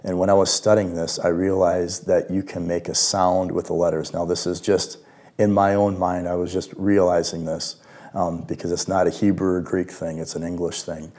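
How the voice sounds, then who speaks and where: A man with a gentle, reflective manner, giving a devotional talk as worship leader, sometimes dropping to a hush. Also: deep voice. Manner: gentle, reflective, with hushed quiet passages.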